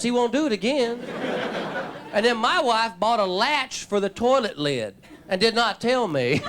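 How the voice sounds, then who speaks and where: A man's voice: sits high, background noise. A man with a Texan accent doing folksy, exasperated stand-up comedy and introducing the next act. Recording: live club with loud crowd laughter.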